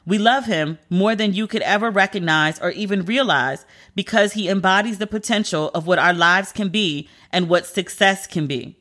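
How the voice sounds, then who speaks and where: Host brief: woman, bright forward tone, candid chatty celebrity-news commentator, emphatic asides. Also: mid-range voice, normal speed. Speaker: pop culture commentator.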